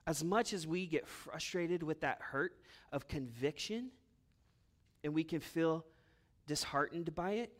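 This male preacher's sermon is fervent, lurching from loud, pressing outbursts to quiet asides. He talks somewhat slowly in a slightly high voice.

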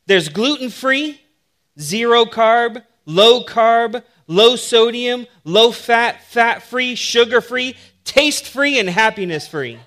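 A man's voice: extremely high pitch, animated, slow pace, fairly bright tone. A man preaching a sermon in a conversational, humorous way that builds to emphatic points.

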